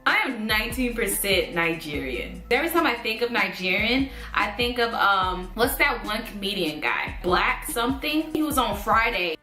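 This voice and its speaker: A woman's voice: on the high side, expressive, normal speed, few pauses, bright, forceful tone, echoey room, faint music behind. A woman in her twenties vlogging casually to camera, rambling and thinking aloud with lots of fillers. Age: 20s.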